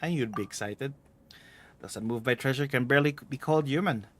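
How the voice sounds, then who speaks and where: Reading game dialogue fast in a natural mid-range voice, a man plays a teasing older woman adventurer, a treasure hunter with a bad back. His read is playful and bossy, and a faint hiss or hum runs underneath.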